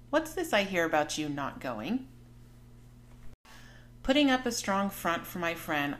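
Podcast host, woman, 40s; candid personal storytelling, slightly low pitch, frank. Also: a bit bright.

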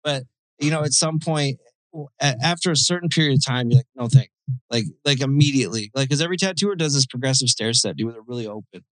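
A man's voice: medium pitch, fast, no room sound, poor audio. A man hosting a casual podcast chat, telling profane stories and acting out quotes from customers and coworkers. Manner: profane, animated storytelling with mimicked quotes. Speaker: podcast host, tattooer.

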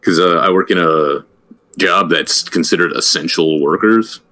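A man's voice: low voice, normal speed, pushed and bright. A man co-hosting a casual podcast, teasing and stammering with repeated words. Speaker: podcast co-host.

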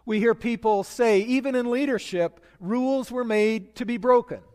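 A man preaching a sermon as pastor, measured and emphatic, leading prayer and telling stories. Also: very high voice, a little mellow, big-room sound.

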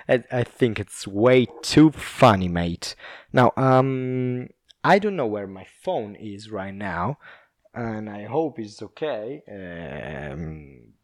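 Low, slow-talking Italian man rambling. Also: lively intonation, no echo, studio quality. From Italy. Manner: rambling, laughs often, many fillers and restarts. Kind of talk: casual rambling monologue.

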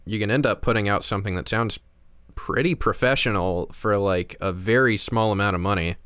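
A laid-back podcast co-host chatting casually and rambling along with plenty of restarts. His voice is a little low and smooth. The sound is dry and close, with no room around it. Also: fairly quick, fairly bright tone, dry recording. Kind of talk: casual chat. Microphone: remote call.

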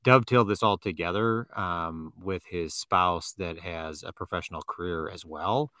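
A man with a very low yet bright, forceful voice co-hosts a podcast in loose casual chat. He jokes, laughs easily and leans on fillers. The sound is close and dry. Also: moderate pace, no room sound. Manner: jokey, laughs often, filler-heavy. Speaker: podcast co-host.

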